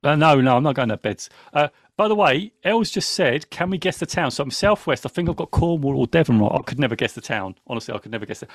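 A man's voice: a little high, lively intonation, fast, hardly any pauses, dry recording, studio quality. A man hosting a casual live podcast, giddy and rambling, talking over his co-hosts after some wine. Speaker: podcast host.

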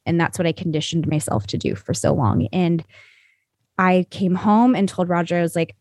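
A woman with a lowish voice tells personal stories as a podcast guest. She talks in an earnest, meandering way, full of "you know" and "like". The sound is close and dry. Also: animated, moderate pace, a little mellow, dry recording. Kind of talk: conversational storytelling.

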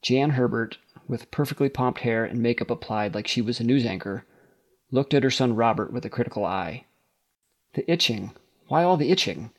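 A man's voice: medium pitch, brisk. A man reading a satirical story aloud, narrating steadily and lifting his voice for the characters' dialogue.

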